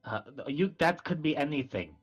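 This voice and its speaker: Very deep-voiced, dry female player. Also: lively intonation, normal speed, slightly rough, lo-fi sound, faint music behind. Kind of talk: casual tabletop game play.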